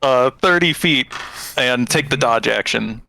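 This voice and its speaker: A man playing a tabletop game, joking through quick asides about his character. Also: mid-range voice, creaky, a crowd in the background. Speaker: player. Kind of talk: casual tabletop game chat.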